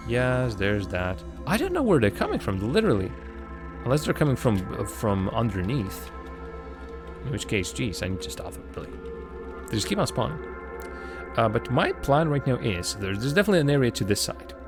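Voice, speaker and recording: A man streaming a game live, talking to himself with wry, chatty asides as he plays. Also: on the low side. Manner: muttering thoughts aloud to himself. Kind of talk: live gameplay commentary. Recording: game music playing underneath. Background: background music.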